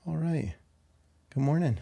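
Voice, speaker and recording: A man's voice: fairly high pitch, lively intonation, unhurried, vocal fry, warm tone. A man hosting a casual podcast, talking in an upbeat, playful way. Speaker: podcast host.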